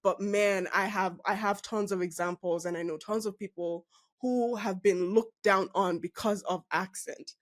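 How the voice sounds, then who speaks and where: A woman from Nigeria with a Nigerian English accent, hosting a casual podcast interview, animated and emphatic, laughing often and restarting her sentences. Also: mid-range voice, normal speed. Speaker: podcast host.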